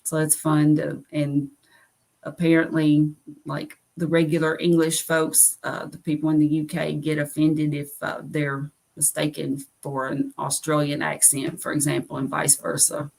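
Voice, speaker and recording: A woman's voice: sits low, level tone, measured pace, creaky, darkish tone. A middle-aged woman with a Southern accent hosting a live stream, telling stories in a rambling, self-amused way. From United States. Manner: rambling, many fillers, laughs at herself. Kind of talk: casual chat on a live stream.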